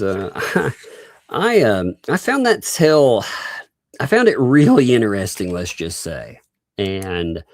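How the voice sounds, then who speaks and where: A man hosting a live stream, musing slowly and asking pointed questions with little laughs. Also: lowish voice, vocal fry, no room sound, studio quality. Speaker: host.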